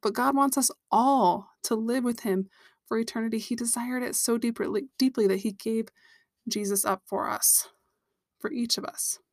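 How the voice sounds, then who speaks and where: A woman's voice: a little high, steady tone, moderate pace, dry recording. Earnest woman podcasting in a dry room. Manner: earnest, personal, addresses listeners directly. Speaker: Christian podcast host. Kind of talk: devotional podcast teaching.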